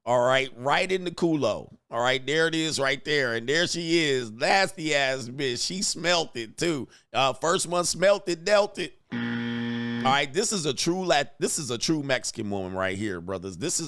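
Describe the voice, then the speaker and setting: A man's voice: on the high side, fairly bright tone. A man hosting a reaction show, mocking the clips in crude slang and laughing between remarks. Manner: crude, loose street slang. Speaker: host. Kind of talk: reaction commentary.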